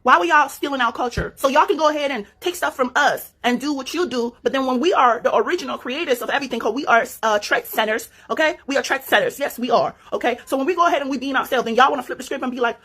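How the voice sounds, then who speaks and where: Husky, scolding woman ranting to camera. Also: high-pitched, fast talker, few pauses, fairly bright tone. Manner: scolding, rhetorical questions, profanity. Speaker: commentator. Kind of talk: confrontational rant to camera.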